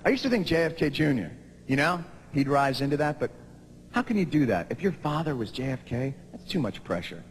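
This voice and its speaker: A man, doing a stand-up comedy routine and rising to shouted punchlines. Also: a little high, animated, fairly quick, slight background noise. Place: large theater stage before a live audience. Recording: long hall reverb, audible audience.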